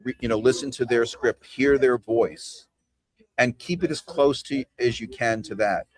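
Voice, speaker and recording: A man leads a training session over a video call. His speech is loose and chatty, and he keeps tagging "right?" onto his points. His voice sits at an ordinary pitch for a man. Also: unhurried. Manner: conversational, peppers talk with "right?" and "you know". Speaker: trainer leading a team call. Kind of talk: casual coaching talk on a video call.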